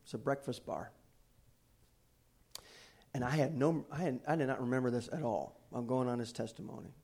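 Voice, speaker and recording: A man's voice: mid-range voice, moderate pace, vocal fry, slightly rough. A middle-aged man preaching a sermon, telling a story and then urging his congregation on. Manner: animated storyteller, rising to exhortation. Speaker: pastor.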